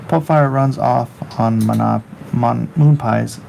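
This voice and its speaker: Middle-aged artist guy, slow and gravelly, joking around and reading chat while he draws on stream. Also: medium pitch, steady tone, a little mellow, a little hiss or hum. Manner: rambling, jokey, reads viewer chat aloud. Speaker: comic artist streaming his work. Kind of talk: casual livestream chat while drawing.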